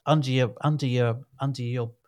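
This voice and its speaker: This podcast co-host, a man with a medium-pitched voice at normal speed, keeps the casual conversation going with energetic, eager reactions. He's animated and responsive as a listener, and he doesn't hold back on the swearing.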